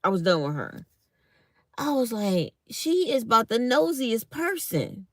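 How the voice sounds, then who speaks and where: A middle-aged woman chats casually to her viewers, acting out every side of a conversation. Her voice sits a bit high and sounds dry and close, as if spoken into a phone held near. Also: measured pace, no echo. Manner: animated, acts out both sides of a conversation. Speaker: vlogger.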